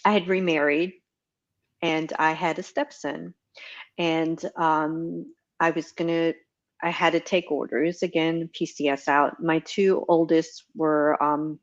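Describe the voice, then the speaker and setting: Guest: middle-aged woman, very low voice, relaxed and rambling, slightly muffled audio. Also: slow pace. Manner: rambling, many ums, laughs at herself. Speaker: guest, retired Navy chief petty officer. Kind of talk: relaxed storytelling interview.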